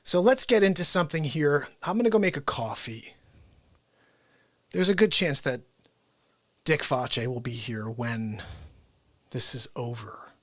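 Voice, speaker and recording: A man's voice: mid-range voice, lively intonation, a little slow, pauses often, fairly bright tone, no echo. A man hosting a live variety show, chatting casually and joking at his own expense while out of breath. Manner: playful, self-mocking, upbeat. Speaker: host.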